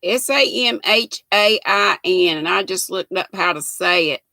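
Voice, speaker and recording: A woman's voice: medium pitch, unhurried, gravelly, pushed and bright, dry recording. An older woman hosting a casual livestream, chatting with viewers by name and reading trivia aloud. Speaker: livestream host.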